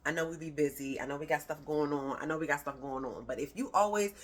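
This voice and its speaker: A woman's voice: sits low, quick pace, slight background noise. Slangy, emphatic woman parenting coach. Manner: conversational, emphatic, slangy, rhyming asides. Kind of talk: casual direct-to-camera talk.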